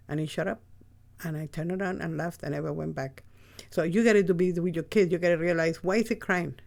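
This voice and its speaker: Gravelly, blunt rambling podcast host. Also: mid-range voice, steady tone, a little fast. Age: adult with a child. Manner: rambling, blunt and profane, with many restarts. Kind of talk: casual spoken monologue.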